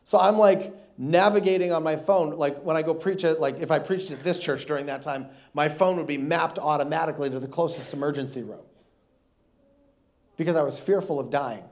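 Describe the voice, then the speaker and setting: A man in his thirties, a guest preacher telling a funny, animated personal story in a sermon with frequent laughter. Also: on the high side, brisk.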